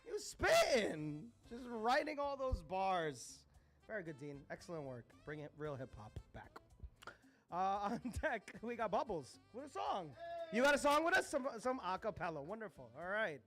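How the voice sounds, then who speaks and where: Give me a high-voiced man hosting an open mic, with faint music behind. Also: very animated, moderate pace, a bit bright. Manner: hyped, cheering. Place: live open mic venue.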